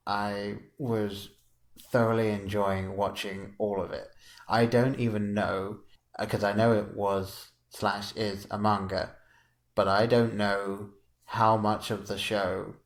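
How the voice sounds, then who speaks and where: A man with a fairly low voice co-hosting a casual podcast. He talks in a relaxed, rambling way and often chuckles mid-sentence. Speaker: podcast co-host.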